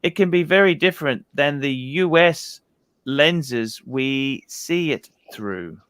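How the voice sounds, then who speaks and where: Bright jovial male livestream host. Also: on the high side, lively intonation, takes it slowly, clean tone, no echo. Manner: jovial, reads out super chats. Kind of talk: casual panel chat.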